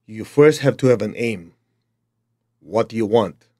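A man's voice: lowish voice, a little slow, dark tone. Blunt middle-aged man with a Chinese accent. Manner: blunt, emphatic, direct. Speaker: motivational teacher. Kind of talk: motivational talk.

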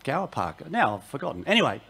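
A man's voice: medium pitch, huge pitch swings, quick pace, creaky, husky. An Australian man, a singer-songwriter, telling wry, self-mocking stories between songs on a festival stage. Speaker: singer-songwriter performing live. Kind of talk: joking between-song stage patter. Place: outdoor music festival stage. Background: loud acoustic guitar.

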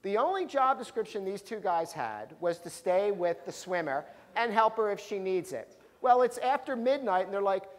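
A man giving a storytelling history talk to a live audience, animated, acting out the people in his stories. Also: high voice, normal speed. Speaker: professional speaker, local historian. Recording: long reverb of a large hall.

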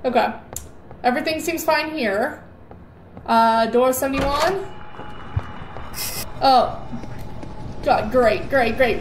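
Jittery high-voiced woman gaming. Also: slow, long pauses. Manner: jittery, rambling, repeats words in bursts. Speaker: gaming YouTuber. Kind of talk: horror game commentary. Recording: echoey room with faint noise.

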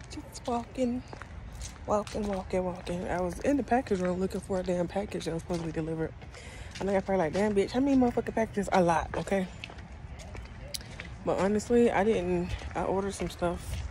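A woman's voice: on the low side, poor audio. A young woman in a casual vlog, chatting bluntly and swearing freely into a handheld phone. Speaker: vlogger. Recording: loud street traffic noise. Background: passing cars.

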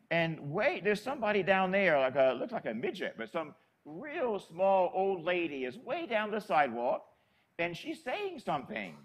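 A man's voice: high voice, a bit bright. A man from Florida, a Catholic priest, telling a story in a sermon in a chatty, folksy way.

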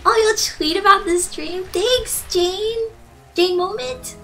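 A woman streamer with a very high, bright voice chats with her live audience in a bubbly, giggly way. She talks at a slow, easy pace. Faint game music sits behind her. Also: low-quality recording. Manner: bubbly, gushing, giggly, thanks viewers. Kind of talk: live gaming stream commentary.

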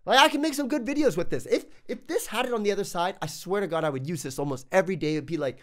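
A man's voice: high-pitched, fast. A man reviewing tech gear in a casual vlog, ranting with exasperation and stumbling over restarts.

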